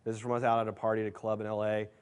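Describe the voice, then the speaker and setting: A man's voice: on the low side, monotone, very fast, clear, resonant tone. A man presenting a dating seminar in a brash, casual storytelling way, swearing freely and leaning on fillers. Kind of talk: casual seminar talk to a live room.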